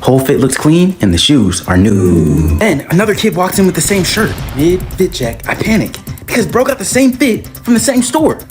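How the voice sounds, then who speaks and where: Animated young man narrating comedy skits. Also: sits high, moderate pace, hardly any pauses. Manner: animated, jumps between voices for each character. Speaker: comedy sketch creator. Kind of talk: comedic POV skit narration. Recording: echoey room with music playing.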